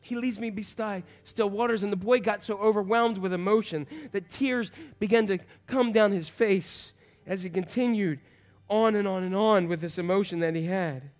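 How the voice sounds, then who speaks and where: A middle-aged man preaching a sermon as pastor, animated, swinging from loud calls to hushed, soft passages. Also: sits high, moderate pace.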